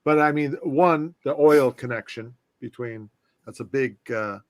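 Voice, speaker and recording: A man, a podcast co-host, musing in relaxed casual conversation. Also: mid-range voice, a little slow, no room sound. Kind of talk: casual chat.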